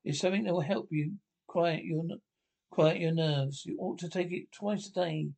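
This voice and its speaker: A calm family doctor, read by a man from a 1940s radio script. The voice stays plain and slightly high. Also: moderate pace, vocal fry. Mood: reassuring. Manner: reads stage directions aloud before lines.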